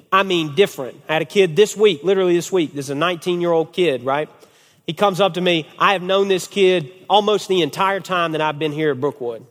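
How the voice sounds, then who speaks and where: A man preaching as a family pastor, his voice sitting a little high for a man. He tells stories in an animated way and keeps checking in with "okay?". His words carry with a long reverb through the church hall. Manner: animated storytelling, repeated "okay?". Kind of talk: sermon to a men's group.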